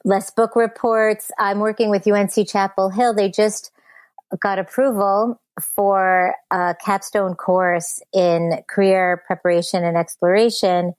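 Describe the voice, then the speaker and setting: An earnest woman speaks as a podcast guest, explaining her ideas with emphasis and quick laughs. Her voice sits at a middling pitch, with a dry, close sound. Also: level tone, a little mellow, clean tone, no echo. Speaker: guest, speech app founder. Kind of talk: conversational interview.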